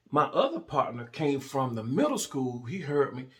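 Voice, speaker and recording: A middle-aged man, a former police officer, casually telling a story in an animated, colloquial way. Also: mid-range voice, moderate pace, few pauses.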